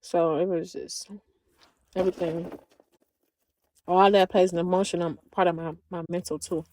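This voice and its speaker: A woman's voice: on the low side, level tone, normal speed, darkish tone. A woman livestreaming in a casual chat, drawling and talking back to her viewers.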